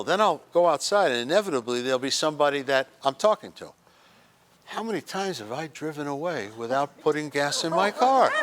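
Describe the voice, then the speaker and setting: A workshop presenter with a slightly high, somewhat bright voice jokes his way through a motivational talk in a senior center room. He brings it to life by acting out little scenes and quotes for the group.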